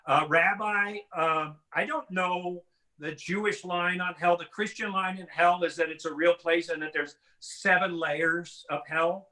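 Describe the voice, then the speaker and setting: High, bright-voiced stand-up comedian man. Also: a little slow, poor audio. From Washington State. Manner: animated, mimics voices and drawls. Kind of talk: stand-up routine.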